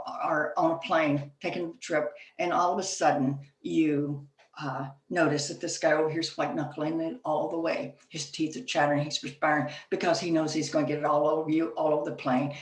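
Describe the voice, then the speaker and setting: A deep-voiced woman tells stories at a chapter meeting as part of a conversational presentation on workplace leadership, often using fillers. Her voice echoes around the room and she is distant from the microphone.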